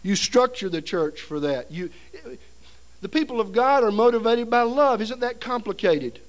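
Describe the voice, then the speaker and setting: A man's voice: sits high, animated, normal speed. A middle-aged man preaching at a seminary seminar, telling a story with humor and acting out voices and sounds. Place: seminary hall before an audience.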